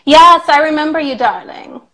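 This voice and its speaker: A woman's voice: high voice, moderate pace, a bit bright, rough recording. A young woman, an English teacher, chatting casually on a phone live stream, reading out comments with affectionate, playful talk.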